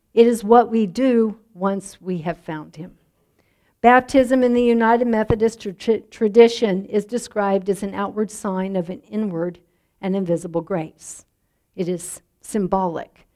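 Woman pastor, sermon, measured and reflective, soft endings. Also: fairly high pitch.

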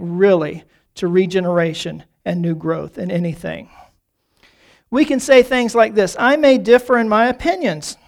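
A man preaching a sermon, often calling the congregation folks and repeating key phrases, slowing down to stress them. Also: high-pitched, vocal fry. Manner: slows down on key phrases for emphasis.

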